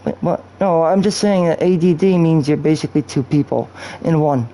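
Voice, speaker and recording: A man's voice: fairly high pitch, moderate pace, mellow, poor audio. A man live-streaming a video game, talking in a rambling, profane, off-topic way into a cheap microphone. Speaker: gaming streamer. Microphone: cheap streaming mic.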